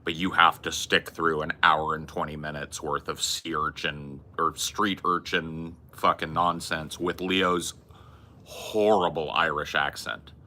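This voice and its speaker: A man's voice: extremely low pitch, fairly even intonation, a little slow, pushed and bright, slight background noise. A man hosting a podcast, rambling casually and bluntly with plenty of swearing. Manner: rambling, profane, blunt movie opinions. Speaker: podcast host. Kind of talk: casual chat.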